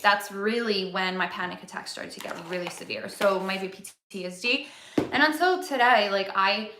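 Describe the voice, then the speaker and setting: A woman's voice: medium pitch, moderate pace, noisy background. A young woman vlogging a candid personal story, chatty and full of swearing and "like". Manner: candid, swears a lot, lots of "like". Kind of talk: casual storytelling vlog. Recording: roomy echo.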